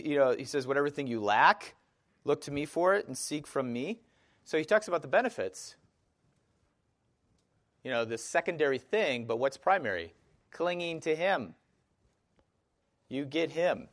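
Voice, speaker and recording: With a Wisconsin accent and a fairly high, slightly bright voice, a man teaches a Bible study class. He speaks conversationally, using fillers and asking the group questions.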